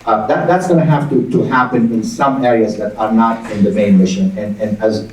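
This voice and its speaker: A middle-aged man, a university's acting president, speaking at a town hall in a halting way and repeating words as he thinks aloud. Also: on the low side, darkish tone, slight background noise. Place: large hall with audience. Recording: echoey hall, distant mic.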